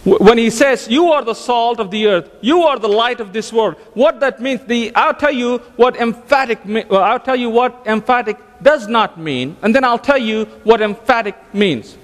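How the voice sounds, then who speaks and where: A man's voice: extremely high pitch, lively intonation, normal speed, few pauses, in a large hall. A man preaching a sermon as pastor, emphatic, often restarting and repeating his phrases. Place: church sanctuary.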